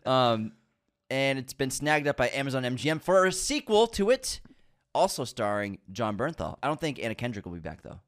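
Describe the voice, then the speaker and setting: A man's voice: medium pitch, sing-song, moderate pace. A man co-hosting a casual film-news podcast, teasing and laughing often. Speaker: podcast co-host.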